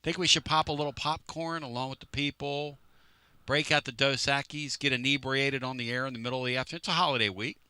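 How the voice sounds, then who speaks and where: A man's voice: medium pitch, fairly even intonation, quick pace, sharp tone, clear, resonant tone, no room sound. A man hosting a sports talk radio show, teasing his co-hosts and rambling through stories in a casual way. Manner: brash, rambling, teasing storyteller. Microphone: studio microphone.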